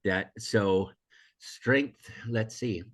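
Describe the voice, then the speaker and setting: Speaking extremely slowly in a fairly low voice, an older American man gives a casual, reflective interview as a guest. He teaches emotional intelligence and still sounds hoarse from a recent illness, coughing at times. His talk rambles, with many restarts, self-corrections, and laughs.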